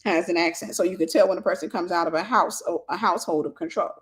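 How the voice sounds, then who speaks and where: A woman's voice: fairly low pitch, quick pace. A woman gives an informal spoken teaching as a ministry host, repeating key phrases for emphasis. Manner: conversational, with casual fillers.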